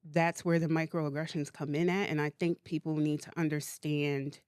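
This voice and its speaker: Woman, 40s, podcast guest, low voice, smooth, reflective, dry close sound. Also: level tone, moderate pace, a little mellow, no room sound. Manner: earnest, reflective, many "you know" fillers. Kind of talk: casual conversational interview.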